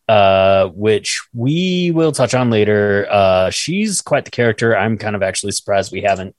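A man's voice: on the low side, animated, measured pace, no room sound. Man, podcast co-host, casual, reads notes, trips over foreign words, dry close sound. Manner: reads notes, stumbles over French words, laughs at himself; swears casually. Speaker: podcast co-host reading research.

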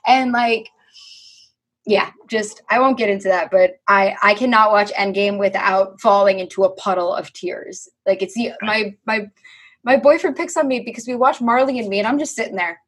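A young woman, a podcast guest, telling stories in a lively, animated way, acting out quotes and swearing casually. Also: mid-range voice, moderate pace. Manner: animated storyteller, acts out quotes, swears freely. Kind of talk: casual conversation.

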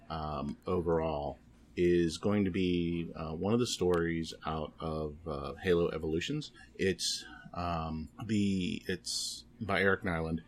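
A man talking casually on a podcast, halting and full of ums and restarts. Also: sits low. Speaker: podcast guest.

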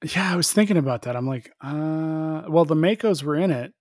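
A man's voice: fast talker, no room sound, studio quality. Joking man in casual podcast chat. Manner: jokey, animated, acts out bits in a high voice. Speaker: podcast co-host.

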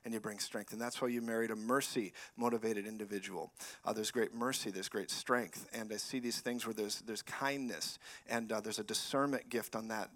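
A man preaching as a guest speaker in a church, animated and swinging between loud declarations and quiet prophetic words. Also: mid-range voice. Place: church sanctuary.

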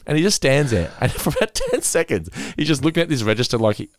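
An Australian man hosting a casual chat, an animated storyteller who acts out quotes and laughs often. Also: a little high, fast, no room sound, clean studio sound. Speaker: podcast host.

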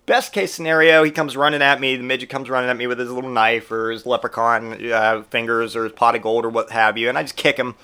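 A man's voice: medium pitch, fast, hardly any pauses, clean tone. A man hosting a podcast, rambling and swearing through a comic monologue, getting over a cold. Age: adult parent who grew up in the eighties. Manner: profane, rambling and animated, with mock voices for quotes. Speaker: podcast host. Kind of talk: casual comedic monologue.

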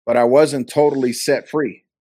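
A man's voice: mid-range voice, steady tone, moderate pace, dark tone, dry recording, clean studio sound. A man from California, an interview guest, earnestly telling a personal testimony and acting out the dialogue he quotes. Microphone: video call.

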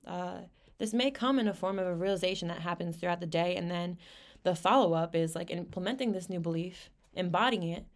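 Young female podcast host, lowish voice, candid and slangy, swears freely. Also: brisk. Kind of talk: casual personal monologue.

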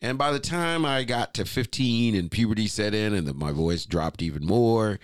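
A middle-aged man, a guest singer, telling relaxed stories with a chuckle in an interview. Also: fairly low pitch, normal speed, clean tone, dry recording, clean studio sound. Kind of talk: casual interview storytelling.

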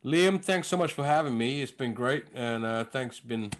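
A man's voice: mid-range voice, moderate pace. A man who is a stand-up comedian, chatting casually as a podcast guest, telling stories and acting out other people's voices. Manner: animated storyteller, acts out voices and impressions.

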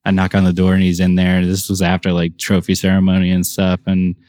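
Low-voiced man telling lively stories. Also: a little fast, dry recording, studio quality. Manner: animated storyteller, laughs often. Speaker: pro drift driver, podcast guest. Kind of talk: casual interview chat.

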